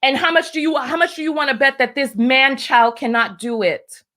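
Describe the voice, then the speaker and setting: Woman host, fiery blunt live-stream commentator, slightly high voice, riled up. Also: fairly even intonation, moderate pace, sharp tone. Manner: fiery, blunt, reads viewer comments aloud. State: riled up early in the morning.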